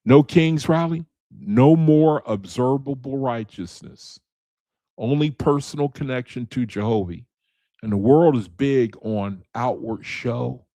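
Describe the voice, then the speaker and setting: A man's voice: mid-range voice, unhurried, dark tone, no room sound. A man leading a casual video Bible study, talking straight to his viewers, repeating his points and calling them brethren and man, with speech.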